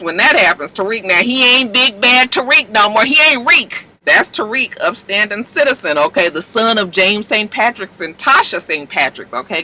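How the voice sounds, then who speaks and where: A man talks through a TV episode in a loose, slangy, profane way and acts out what the characters say. His voice is very bright and cutting, sitting somewhat high. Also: poor audio. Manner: animated storyteller, acts out characters' lines. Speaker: TV recap vlogger. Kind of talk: casual episode recap.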